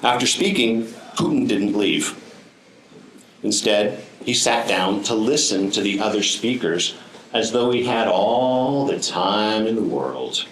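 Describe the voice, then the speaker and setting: A man's voice: lowish voice, expressive, slow, a bit bright, echoey room, slight background noise, low-quality recording. A man giving a prepared speech to a live audience, telling stories with dry, wry humor and frequent ums. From United States. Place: room with an audience.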